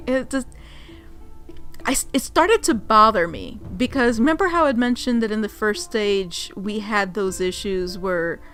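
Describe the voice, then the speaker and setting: A woman from Puerto Rico telling a vlog story in a casual, animated way, often laughing and acting out what others said. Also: mid-range voice, a little slow, soft background music. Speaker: vlogger.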